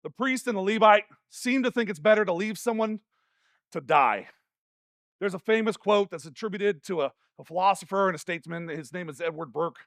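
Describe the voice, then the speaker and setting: A man pastor, preaching a sermon in a church in an animated, jokey storytelling way with little rants. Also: high voice, a little fast, no room sound, studio quality. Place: church stage.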